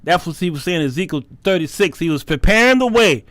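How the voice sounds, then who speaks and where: High-voiced colloquial preaching man. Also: animated, quick pace, fairly bright tone, dry recording. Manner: emphatic, colloquial, repeats words. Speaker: talk show host teaching the Bible. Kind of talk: Bible teaching sermon.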